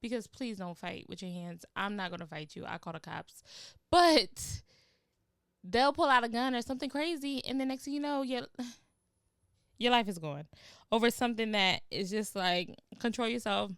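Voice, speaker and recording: A woman hosting a podcast, telling stories in an animated way and using casual slang. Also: a little high, moderate pace, smooth, dry recording, studio quality. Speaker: podcast host.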